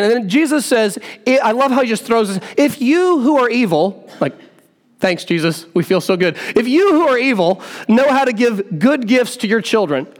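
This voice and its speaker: Male preacher, higher-pitched voice, earnest expository sermon delivery with restarts. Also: normal speed. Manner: earnest, animated teaching with frequent repeated words.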